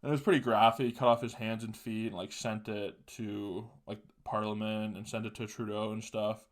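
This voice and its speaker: A man's voice: fairly low pitch, flat delivery, normal speed. A young man hosting a podcast, talking casually in a blunt, profane, mocking way. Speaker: podcast host. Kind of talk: casual monologue.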